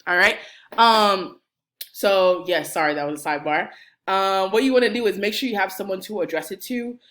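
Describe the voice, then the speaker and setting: A woman, a college career services director, coaching viewers through cover letters on camera in an animated, playful way, talking straight to the viewer. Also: medium pitch, moderate pace. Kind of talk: energetic instructional video.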